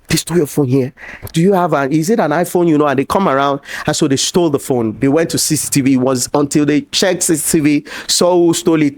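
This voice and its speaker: Male speaker, animated stage storyteller, slightly high voice, pidgin asides. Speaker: conference speaker. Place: event stage before an audience.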